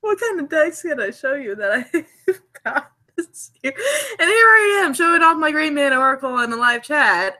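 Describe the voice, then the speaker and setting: A woman hosting a casual live stream from home, giddy, laughing often and repeating herself excitedly. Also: high-pitched, moderate pace. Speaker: livestream host.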